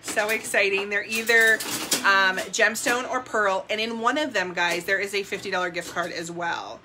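Brief: upbeat woman live-stream seller, bright forceful tone, faint background hiss. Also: mid-range voice, fairly even intonation, normal speed. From New Jersey. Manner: gushing, upbeat, addresses viewers as guys. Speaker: co-host of a live jewelry sales show. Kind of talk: live-stream sales chat.

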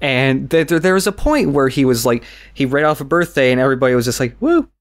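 A man's voice: mid-range voice, quick pace. A young man co-hosting a podcast, casually telling a rambling story with laughs and swearing. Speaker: podcast co-host. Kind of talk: casual chat.

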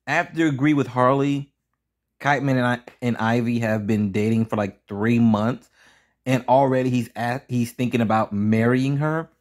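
A man reviewing a cartoon episode in a casual pros-and-cons video, blunt, profane and ranting. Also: mid-range voice. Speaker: show reviewer.

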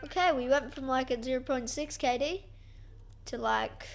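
A young woman giving excitable, self-mocking commentary over her own gameplay. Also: sits high, moderate pace, vocal fry, a little hiss or hum. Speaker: gaming YouTuber.

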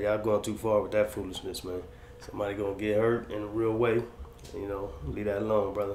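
A man hosting reaction commentary, giving easygoing street-slang advice. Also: on the low side. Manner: laid-back, slangy, big-brother advice. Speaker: commentary host. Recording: roomy room with faint noise.

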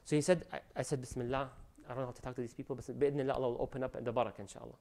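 A man giving an animated religious lecture, preaching with loud rising emphasis and Arabic phrases mixed in. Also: medium pitch, very fast, gravelly. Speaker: Islamic lecturer.

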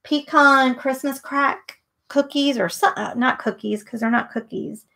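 A woman's voice: sits high, unhurried, creaky, sharp tone. A middle-aged woman hosting a live painting tutorial, chatting and thinking aloud as she works. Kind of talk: live painting demo with casual chat.

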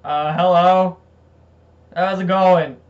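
A man commenting on his gameplay, excitable, exclaiming and reading game text aloud. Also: high voice, slow pace, muffled recording. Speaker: let's play gamer. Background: loud game music.

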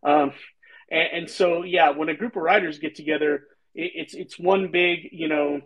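A man's voice: a little high, fairly even intonation, normal speed, fairly bright tone, dull audio. A man writer hosting a book chat, telling rambling self-deprecating stories. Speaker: host, writer. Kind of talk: casual panel chat.

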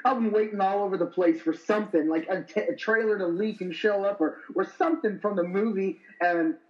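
A man's voice: high voice, a little fast, darkish tone, reverberant, dull audio. A man co-hosting a casual podcast, rambling and filling his talk with "like". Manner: rambling, peppered with "like". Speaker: podcast co-host.

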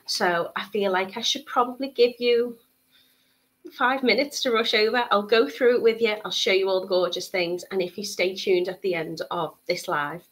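A woman's voice: medium pitch, moderate pace, a bit bright. A young woman hosting a live bead-craft tutorial stream, bubbly and chatty, greeting viewers and filling gaps with lots of ums. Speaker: bead shop tutorial host.

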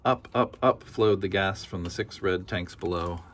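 A man with a lowish voice reads a children's picture book aloud, telling the story gently and with rhythm and leaning into its repeated phrases. He moves at a moderate pace, with a little background noise audible. He's a storybook reader.

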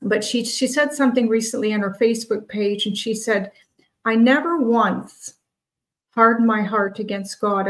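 A woman co-hosting a prayer forum, telling a personal testimony in an earnest, halting way with frequent restarts. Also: on the high side, poor audio. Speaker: co-host of a prophetic prayer forum.

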